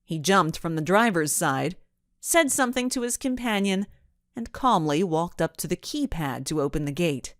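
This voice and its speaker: A woman narrating a children's mystery audiobook in an expressive storytelling manner. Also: lowish voice, normal speed, no room sound, studio quality.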